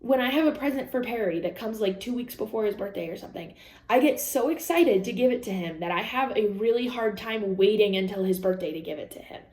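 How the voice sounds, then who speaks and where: A woman's voice: mid-range voice, animated, brisk, darkish tone. A young adult woman talking candidly and rambling in a casual vlog, laughing often and quoting her own and others' words. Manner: candid, rambling, with frequent laughs and quoted asides. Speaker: vlogger. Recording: echoey room.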